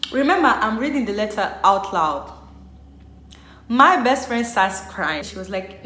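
A young woman vlogger tells a personal story in an echoey room, her voice medium in pitch, expressive, and a little slow with a sharp tone. She's chatty and leans heavily on the filler "like."

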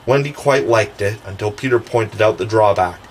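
A man's voice: fairly low pitch, moderate pace, slight background noise, low-quality recording. A man narrating a classic children's novel as an audiobook reader, with occasional stumbles and restarts.

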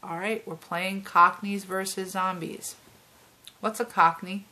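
A woman in her thirties, a vlogger chatting casually and reacting out loud as she watches a movie at home. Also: mid-range voice, fairly even intonation, measured pace. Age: 30s. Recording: movie soundtrack playing behind.

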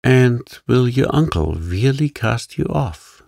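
Give me a spirited young woman, read by a man in a slow, gravelly tone. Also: medium pitch, animated, a little mellow, no echo, clean studio sound, pitched above the performer's own voice, full character voice. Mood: poised.

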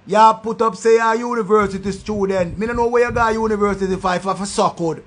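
A man with a Jamaican accent ranting loudly in a commentary, throwing insults in patois. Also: high-pitched, fairly even intonation, a little fast. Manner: loud, insulting rant in patois. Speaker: online commentator.

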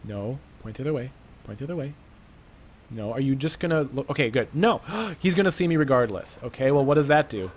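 A man doing gameplay commentary, rambling through an improvised backstory and breaking into panicky outbursts and rapid repeated commands. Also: medium pitch, animated, breathy edge. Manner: playful self-talk, rambling asides. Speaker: let's play gamer.

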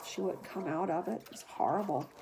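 A woman dog breeder narrating a casual vlog while feeding puppies, cooing gently to them in baby talk. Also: fairly low pitch, brisk, vocal fry, noisy background.

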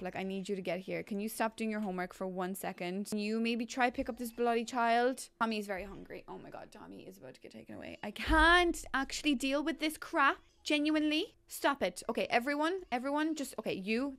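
A woman's voice: fairly high pitch, animated, a little fast, few pauses, fairly bright tone, clear, resonant tone. A young woman giving live commentary on her own gameplay, pleading and exasperated, with frequent exclamations and laughter. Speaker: gaming YouTuber.

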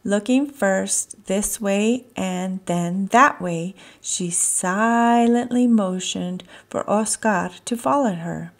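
A woman reading a children's picture book aloud, slow, soft and expressive. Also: medium pitch, creaky. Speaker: children's story reader. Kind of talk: read-aloud storytime.

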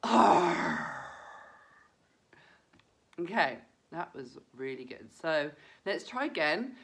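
Slow, gentle woman teaching kids. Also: deep voice, sing-song. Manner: gentle, encouraging, speaks directly to kids. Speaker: children's breathing instructor. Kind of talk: children's mindfulness lesson.

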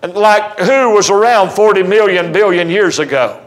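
A man preaching from the pulpit with a high-set voice. He delivers the sermon emphatically, telling stories and acting out quoted dialogue along the way. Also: moderate pace, rough recording. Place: church sanctuary.

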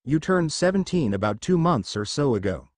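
A man's voice: fairly high pitch, big pitch swings, normal speed, a little mellow, dry recording. A man voicing a boastful young male sun god in a fan story reading, breezy and teasing. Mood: playful.

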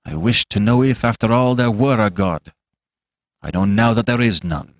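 A man's voice: lowish voice, moderate pace, dry recording, clean studio sound, lightly acted. A man voicing a bitter, shabby old male drunkard who speaks fiercely and with scorn.

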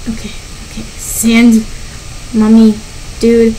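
A woman giving gameplay commentary as a channel host, excitable and panicky, often squealing and laughing. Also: high-pitched, slow, long pauses, slight background noise, rough recording.

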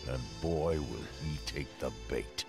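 An actor playing a brooding, vengeful gangster who narrates in a grim, measured, threatening way. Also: male voice, a bass voice, creaky, over loud music, exaggerated voice.

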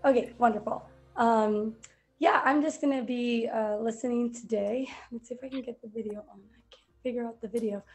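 A woman speaking over her computer on a group video call, thoughtful and hesitant, with many pauses and fillers. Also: a little high, fairly even intonation, a little mellow, faint music behind. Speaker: participant on a call. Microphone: computer mic.

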